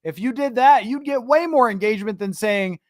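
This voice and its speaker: High-voiced man hosting a sports talk show. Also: moderate pace, no room sound, clean studio sound. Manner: conversational, thinks aloud with restarts. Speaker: podcast host. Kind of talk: casual sports talk reading listener questions.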